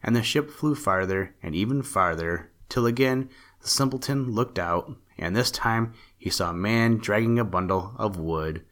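Male storyteller, low voice, steady fairy-tale narration. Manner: steady, measured reading.

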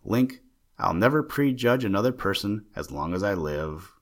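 A man's voice: fairly low pitch, lively intonation, moderate pace. A man voicing a determined young male stamp hobbyist who speaks directly and firmly. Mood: relieved. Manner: direct, firm questioning.

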